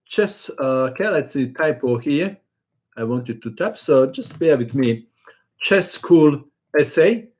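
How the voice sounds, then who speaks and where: A man's voice: mid-range voice, lively intonation, a little slow, darkish tone. A man, a chess channel host chatting casually in a live-stream question and answer session, hesitant with many fillers.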